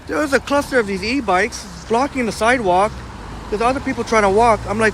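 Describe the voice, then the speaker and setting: A man's voice: extremely high pitch, a little fast, a bit bright. A blunt, self-described hothead man chatting with viewers while live-streaming a walk on a city sidewalk. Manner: chatty, reads out and answers chat. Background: faint street traffic.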